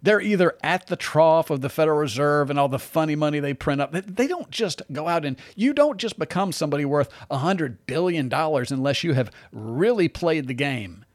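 A man hosting a solo political commentary show, talking in a sarcastic, animated way with frequent restarts and short laughs. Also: a little high, brisk, hardly any pauses, no room sound, studio quality.

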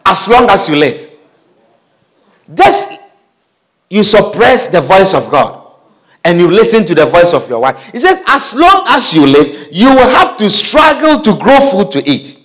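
A man's voice: sits high, sing-song, a little slow, a bit bright. A man preaching a sermon, reading scripture aloud, repeating phrases and asking the congregation questions.

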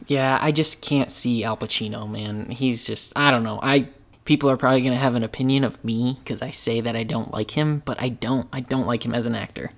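A man's voice: mid-range voice, steady tone, a little fast, vocal fry. A man hosting a podcast in casual chat, enthusiastic and opinionated. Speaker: podcast host.

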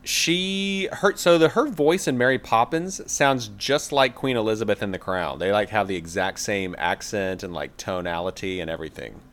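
A man's voice: lowish voice, normal speed, hardly any pauses, fairly bright tone. A man co-hosting a casual podcast, chatting about movie trailers in a laid-back way, with lots of fillers. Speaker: podcast co-host.

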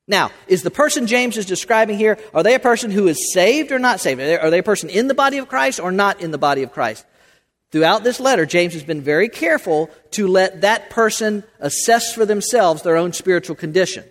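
A male pastor preaches in a loose, conversational way, circling back on his words and tossing questions to his listeners. His voice sits high. A long reverb trails each phrase in the church. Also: lively intonation, a little fast, fairly bright tone. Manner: conversational, many restarts and rhetorical questions. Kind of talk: sermon.

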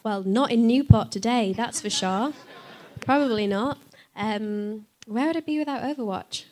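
A woman's voice: on the high side, normal speed, a little mellow. Chatty woman voice actor on a panel. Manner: chatty, laughs often, playful. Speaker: voice actor guest on a live panel. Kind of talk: casual panel Q&A.

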